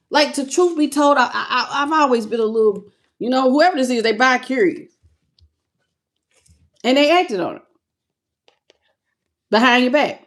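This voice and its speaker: Animated woman giving a tarot reading. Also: sits high, normal speed, pauses often. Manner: animated, conversational, greets viewers. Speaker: tarot reader. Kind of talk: live tarot reading stream.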